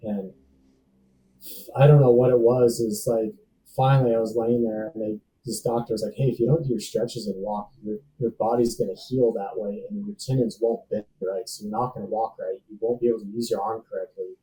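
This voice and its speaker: His fairly low, dark voice runs a little fast, picked up by a distant mic in a rough recording with a little hiss or hum. A podcast guest in his 30s who works as a safety professional, he relates a personal story in laid-back slang, saying "dude" and "bro" constantly.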